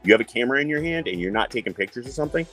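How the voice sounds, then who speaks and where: A man's voice: medium pitch, expressive, rapid-fire, a bit bright, soft background music, poor audio. A man from New York hosting a casual chat, telling stories animatedly, swearing and acting out quotes. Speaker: host.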